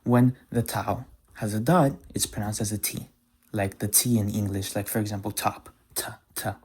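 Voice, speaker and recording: Male language teacher, slightly low and husky, patient and methodical. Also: steady tone, darkish tone. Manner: patient, repeats example words slowly. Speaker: Hebrew pronunciation teacher. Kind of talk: explanatory lesson.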